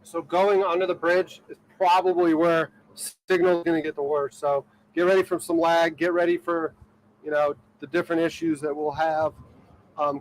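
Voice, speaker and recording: A man with a rather high voice talks to his live-stream viewers from the deck of a boat. He is from Ohio and speaks loosely, with plenty of fillers and easy laughter. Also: rough recording. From Ohio, USA. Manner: rambling, filler-heavy talk with many "like"s and frequent laughter. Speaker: livestreaming boat vlogger. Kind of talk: casual live-stream chat. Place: outdoors on a boat on the water.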